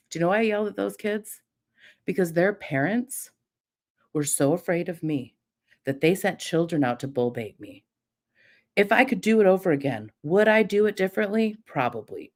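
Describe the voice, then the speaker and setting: A middle-aged woman ranting through a livestream, swearing freely and defiant. Now and then she mocks her critics in sneering imitations. Her voice sits slightly low for a woman. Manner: profane, defiant, mocking imitations. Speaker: livestream host. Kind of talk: heated livestream rant.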